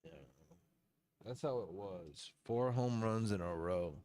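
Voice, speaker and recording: A man's voice: lowish voice, slow pace, dark tone, slight background noise. A man hosting a music review livestream, rambling casually between songs, swearing freely and laughing often.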